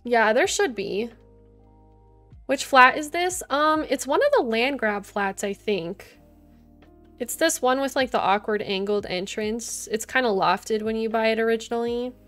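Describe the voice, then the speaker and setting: Streamer: young woman, higher voice, chatty and giggly, casual gameplay chat, soft music behind. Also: moderate pace. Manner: chatty, giggly, talks to chat and her game characters. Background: soft game music.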